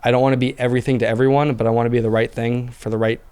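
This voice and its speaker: A man in his thirties, a guest on a podcast, telling his story in animated, casual talk full of fillers like "um" and "like.". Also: mid-range voice, rapid-fire, clean tone. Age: 30s. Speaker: podcast guest, business owner. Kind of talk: casual interview chat.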